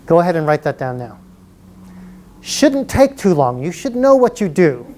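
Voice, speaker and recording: A man's voice: on the high side, sing-song, normal speed, a little mellow, a little hiss or hum. A man presenting a live college workshop to an audience, chatty and encouraging, often laughing.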